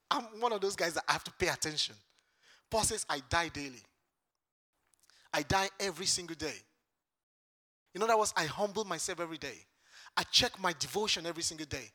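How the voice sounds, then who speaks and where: A man's voice: sits high, pushed and bright. A man from Lagos preaching a sermon to a congregation, with an impassioned, repetitive preaching cadence. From Lagos, Nigeria.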